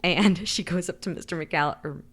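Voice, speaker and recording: On a podcast, a co-host recaps a book in a chatty way, leaning heavily on "like" and slipping into different voices to act out characters' lines. She has a lowish, husky, slightly bright voice and speaks at a moderate pace.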